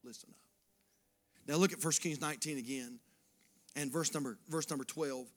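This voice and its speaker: High, fervent preaching man. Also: steady tone, moderate pace. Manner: swings from hushed near-whispers to loud fervent preaching; repetitive, rhythmic exhortation. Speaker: pastor. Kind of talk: sermon.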